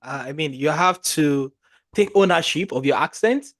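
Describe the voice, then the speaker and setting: A man hosting an online session, thanking the speaker and pausing often to find his words. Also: a little high, no echo. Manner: hesitant, with fillers and restarts. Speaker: webinar host.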